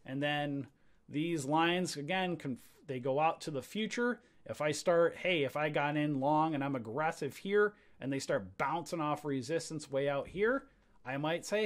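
A man with a somewhat high voice leads a live trading webinar, talking straight to his viewers. He rants with energy and throws in preacher-like calls for an amen. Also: measured pace. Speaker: trading educator. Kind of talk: livestream webinar on stock charts.

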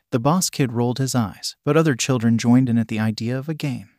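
A man narrating a fan fiction story in a steady, even reading. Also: medium pitch, a little fast, no echo, studio quality.

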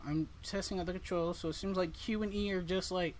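A man's voice: sits high, steady tone, brisk, a little hiss or hum, poor audio. A man commentating a horror game as he plays, nervous and jumpy, talking back to the characters on screen. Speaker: gaming YouTuber.

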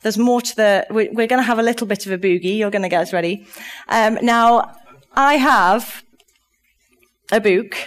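A woman's voice: on the high side, normal speed. A woman giving a conference keynote talk, upbeat and chatty, laughing often as she speaks to a live audience in a conference room.

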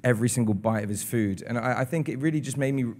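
A young adult man, an actor being interviewed before an audience, speaking in an earnest, reflective way with halting restarts. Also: mid-range voice, a little mellow, a little hiss or hum. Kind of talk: casual interview talk. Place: studio interview in front of an audience.

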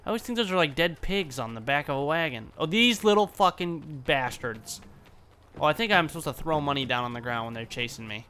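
Brief: male let's play host, bright voice, chatty self-deprecating commentary with faint noise behind. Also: medium pitch, expressive, fast, hardly any pauses. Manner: rambling, self-mocking, swears freely. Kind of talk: casual gameplay commentary.

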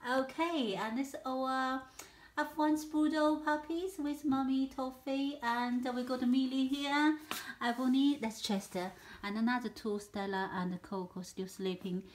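A woman films her puppies at home, her high-pitched voice coaxing and chatting to them in a sing-song way, laughing often, at a measured pace. It's a casual home video in an echoey room, with clear background noise.

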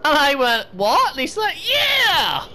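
A young woman teases her friends over a headset while they game, giggling and swearing freely. Her pitch swings wildly and she talks unhurriedly. The voice-chat line carries clear background noise. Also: big pitch swings, measured pace. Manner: giggly, teasing, swears a lot. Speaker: gamer. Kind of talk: casual chat while gaming.

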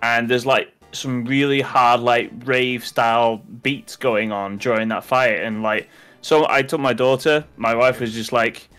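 A man's voice: medium pitch, a little slow, fairly bright tone, smooth, faint music behind. A man from the UK chatting casually while playing a game, rambling with many fillers and restarts. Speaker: co-host. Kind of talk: casual chat over gameplay.

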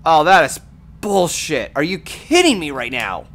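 A man streaming a video game, chatting casually with friends and swearing loudly at every setback. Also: on the high side, huge pitch swings, a little slow, slight background noise. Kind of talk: casual gameplay chat.

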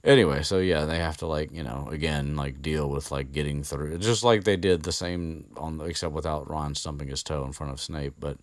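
A man with a strikingly deep, low voice recaps a book in a loose, rambling way. He fills his talk with fillers and the odd casual curse. The sound is dry and close, with no room around it. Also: fairly even intonation, moderate pace, few pauses, no echo. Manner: rambling, chatty, swears casually. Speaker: podcast host.

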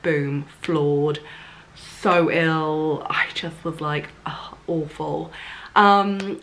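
A woman, chatting casually to camera at home while ill and a little hoarse. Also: on the low side, a little hiss or hum, poor audio. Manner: chatty, rambling, self-deprecating. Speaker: vlogger.

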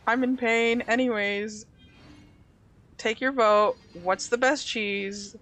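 A woman's voice: a little high, fairly even intonation, slow pace, fairly bright tone, a little hiss or hum. A woman streaming live, chatting casually with viewers in a giggly, dramatic way, laughing often.

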